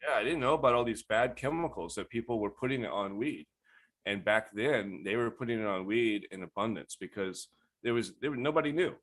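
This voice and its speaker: A man telling stories in a casual, profane, animated way, often laughing, as a guest on a podcast. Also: lowish voice, brisk. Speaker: guest grower. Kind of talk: casual storytelling.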